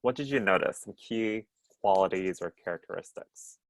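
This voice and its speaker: A man's voice: low voice, normal speed, no room sound. A man leading an interactive online workshop over a video call, upbeat and chatty, often checking in with the group. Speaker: workshop presenter.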